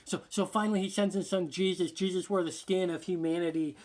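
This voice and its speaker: A man preaching a sermon with passion, often sinking to a hushed near-whisper for emphasis and repeating words as he gathers his thoughts. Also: high-pitched, fairly even intonation, brisk. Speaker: pastor.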